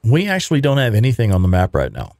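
A man's voice: fairly low pitch, wildly swooping pitch, quick pace, a little mellow, no room sound, clean studio sound. A man hosting a gameplay stream, chatting casually and swearing freely. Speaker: gaming channel host.

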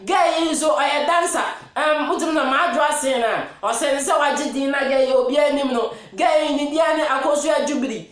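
A woman's voice: high voice, fairly quick, hardly any pauses. A woman with a Ghanaian accent hosting a chatty news commentary, laughing often and mixing English in. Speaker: host. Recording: very echoey room.

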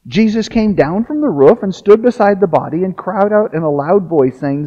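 A man's voice: fairly high pitch, lively intonation, moderate pace, few pauses, mellow. A male pastor preaching a sermon, reading a long passage aloud with casual asides. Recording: dull lo-fi sound.

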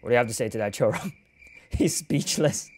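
Animated young man doing laughing game commentary. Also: medium pitch, brisk, a little hiss or hum. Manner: laughs often, teasing and animated. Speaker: gaming YouTuber. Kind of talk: playful gameplay commentary.

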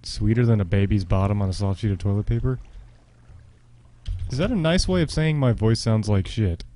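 A man doing casual game commentary on a live stream, chatty with viewers and a co-player, breaking into panicked yelps and shouts. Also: lowish voice, moderate pace.

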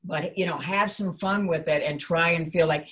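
Animated woman teaching voice acting. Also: lowish voice, normal speed. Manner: animated, jumps between demo voices and explanation. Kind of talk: demonstrating character voices.

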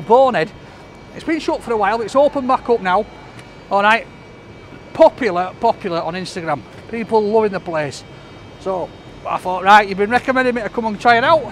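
A man's voice: high voice, a bit bright, a little hiss or hum. A man, chatting cheerfully and jokily to camera as a food-review vlogger on a city side street. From Leeds. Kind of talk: casual chat to camera.

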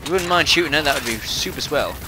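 A man talks through a co-op shooter with a lively, up-and-down voice, calling out threats as they come. Heavy gunfire and game noise sit loud behind him. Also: on the high side, fast talker. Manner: lively, chatty, calls out game events. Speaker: let's play host. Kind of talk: casual gaming commentary.

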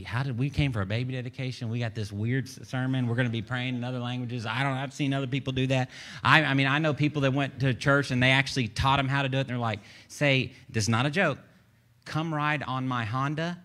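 A man's voice: fairly high pitch, bright, forceful tone. A man preaching a sermon as pastor, folksy and conversational, with rising bursts of emphasis. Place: church sanctuary.

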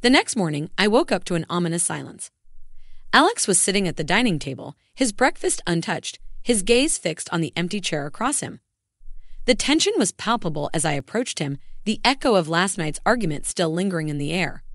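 A woman's voice: lowish voice, big pitch swings, brisk, no echo, clean studio sound. A woman telling a story in the first person, with scripted, earnest and emotional narration.

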